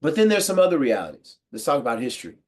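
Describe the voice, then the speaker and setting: An American man giving a casual, slangy monologue to the camera, animated and quick to laugh. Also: mid-range voice. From United States. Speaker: podcast host.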